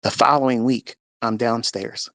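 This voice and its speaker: Gravelly man telling a personal story. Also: medium pitch, fairly even intonation, normal speed, a bit bright, no room sound. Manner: earnest storytelling, acts out quotes with rising intensity. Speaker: host. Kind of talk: personal testimony to a live audio room.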